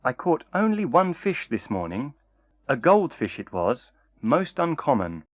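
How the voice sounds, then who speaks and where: A man's voice: mid-range voice, big pitch swings, a little slow, no echo, clean studio sound. A man voicing a humble, timid old fisherman in a storybook, speaking meekly and politely. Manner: meek and polite.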